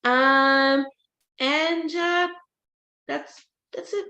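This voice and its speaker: A woman playing a small, squeaky female mouse who hopes for a family, in an improv comedy sketch on a video call. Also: fairly even intonation, drawn-out words, sharp tone, lo-fi sound, full character voice. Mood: timid. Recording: echoey room on a video call.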